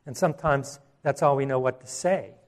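Preaching as a pastor, this man speaks earnestly at a medium pitch. He restarts phrases and slows down to emphasize points.

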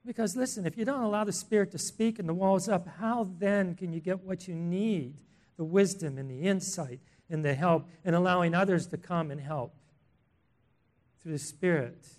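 A man with a high-pitched voice preaches a sermon at a moderate pace, earnest and emphatic. He poses questions to his listeners and grows louder on key words.

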